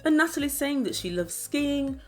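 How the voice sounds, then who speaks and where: A woman's voice: sits high, animated, normal speed, faint music behind. A woman giving an opinionated, sarcastic recap of a reality show, talking straight to her viewers. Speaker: reality TV reviewer. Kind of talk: chatty commentary recap.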